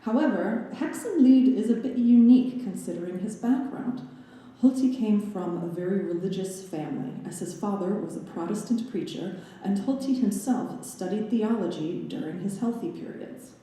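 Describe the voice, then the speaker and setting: A woman's voice: medium pitch, expressive, moderate pace, dark tone. Woman lecturing in a roomy recital hall. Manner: wry asides, playful humor in a scholarly talk. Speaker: graduate student giving a lecture recital. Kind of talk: presented lecture with slide analysis.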